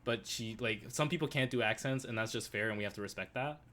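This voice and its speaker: A man's voice: mid-range voice, fast. Rambling man co-hosting a chat. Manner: rambling, restarts, rises into excited rants. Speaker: podcast co-host. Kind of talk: casual chat.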